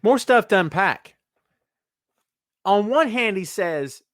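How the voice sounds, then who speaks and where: A man's voice: high-pitched, animated, slow, long pauses, a bit bright, no echo, studio quality. A man hosting a wrestling podcast, giving emphatic, opinionated commentary and calling his listeners "kids". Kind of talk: opinionated live-stream commentary.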